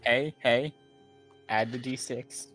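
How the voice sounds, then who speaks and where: A man's voice: mid-range voice, steady tone, takes it slowly, fairly bright tone. A man running a tabletop role-playing game as game master, speaking in a loose, rambling way with many fillers. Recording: dry close mic with faint music.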